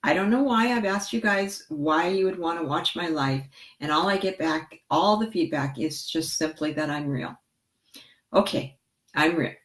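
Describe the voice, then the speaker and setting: A middle-aged woman with a low voice chats to her viewers in an excitable, goofy, rambling way. She speaks as a therapist, direct and informal. The sound is roomy, with plenty of echo around her. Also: normal speed. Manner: excitable, chatty, self-described goofball. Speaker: therapist vlogger. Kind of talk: casual vlog talking to viewers and live chat.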